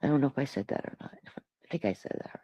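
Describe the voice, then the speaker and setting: A woman's voice: rumbling low, animated, rapid-fire, mellow, slightly rough, dry recording, highs cut off. A woman in her sixties from Toronto, rambling in a casual solo livestream chat, reading comments aloud and laughing often. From Toronto, Canada. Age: 60s. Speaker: livestream host. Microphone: streaming mic.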